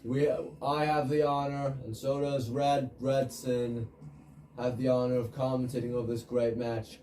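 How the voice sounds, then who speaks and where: A pompous sports commentator , put on by a man at his game, with an average-pitched voice that rolls out stiff, formal announcer phrases. The delivery stays grand and self-important. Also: little pitch movement, a little slow, dark tone, reverberant, a little hiss or hum, close to an everyday voice, poor audio. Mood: mock-grand. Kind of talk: playful commentary impression while gaming.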